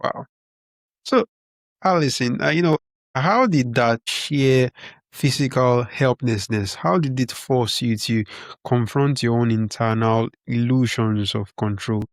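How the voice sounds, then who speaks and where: A man's voice: mid-range voice, measured pace, no room sound, clean studio sound. A man hosting a podcast interview who reacts with amazement and asks thoughtful questions. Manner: amazed, encouraging listener. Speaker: podcast host.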